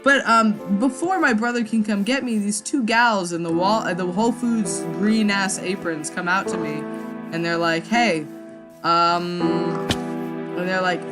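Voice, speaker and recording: A woman's voice: medium pitch, a little slow, over loud music. A young woman rambling through a story while playing a game, stammering, restarting and swearing. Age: young adult. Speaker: gaming vlogger. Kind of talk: rambling let's-play storytelling.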